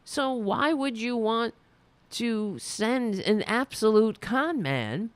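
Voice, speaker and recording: Ranting woman with a lively voice. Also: on the high side, takes it slowly, no room sound. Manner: rambling, indignant ranting. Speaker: podcast host. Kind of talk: solo political commentary.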